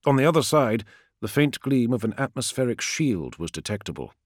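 A man reading a sci-fi novel aloud as narrator, with an expressive storytelling delivery. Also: mid-range voice, brisk, no echo, clean studio sound. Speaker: audiobook narrator. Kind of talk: scripted narration.

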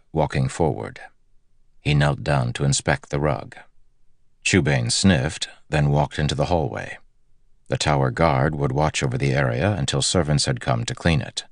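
A man narrating a fantasy audiobook in a steady, even manner. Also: very deep voice, vocal fry, dry recording, studio quality.

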